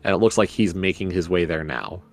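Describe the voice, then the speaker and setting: A man's voice: low voice, fairly quick, creaky. A man commentating a live video game race, then chatting casually with the players. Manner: relaxed, chatty, asks players questions.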